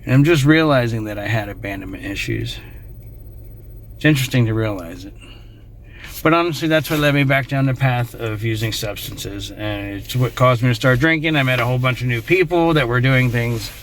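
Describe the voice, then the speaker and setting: A middle-aged man telling a true personal story in a casual, rambling way, getting emotional and trailing off into quiet asides. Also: medium pitch, brisk, a little hiss or hum.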